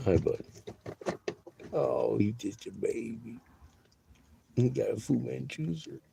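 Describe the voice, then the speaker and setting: A man's voice: medium pitch, very animated, slow pace, creaky, mellow, a little hiss or hum, poor audio. A man vlogging from inside a vehicle, chatting to viewers with frequent laughs and cooing baby talk at a puppy. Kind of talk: casual chat to viewers.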